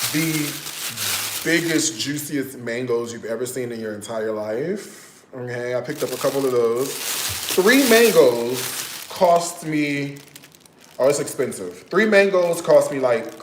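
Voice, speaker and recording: A man's voice: mid-range voice, slight background noise. A man chatting casually on a cooking livestream, drawling and checking in with "okay?" and "y'all" as he shows off his groceries. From United States. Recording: echoey room.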